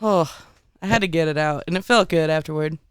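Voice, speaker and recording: A woman's voice: sits low, a little fast, smooth, no room sound. Woman, comedian, brash storyteller, self-mocking, dry close sound. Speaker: stand-up comedian guest. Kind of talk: casual podcast chat.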